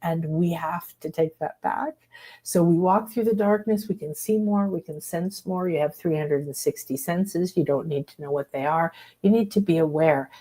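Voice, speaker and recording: A woman hosting a spiritual workshop, talking in a casual, enthusiastic, expressive way and acting out little voices as she teaches. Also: lowish voice, moderate pace. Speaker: host leading a spiritual workshop.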